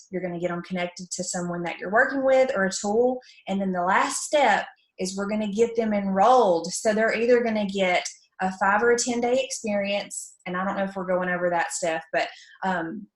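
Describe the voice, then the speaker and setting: An upbeat woman from Alabama speaks with a warm Southern drawl, chatty and full of fillers. Her voice sits at a middle pitch, and the room around her rings with echo. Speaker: network marketing presenter. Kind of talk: casual training talk. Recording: echoey room.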